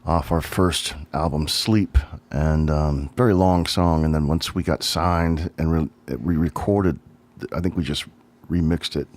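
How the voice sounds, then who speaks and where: Deep-voiced man reminiscing with many ums. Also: steady tone, unhurried, a little mellow. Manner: rambling, reminiscent, thinks aloud with many ums. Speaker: drummer looking back on his old band. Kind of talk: casual solo livestream talk.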